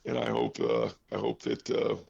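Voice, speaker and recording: A man coaching college basketball talks while out of breath, his voice deeply gravelly and full of fry. He rambles through fillers and restarts and cracks self-deprecating jokes. The sound is dull and lo-fi. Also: very animated, moderate pace, a little mellow. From Iowa, US. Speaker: head basketball coach, guest. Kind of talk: casual phone interview.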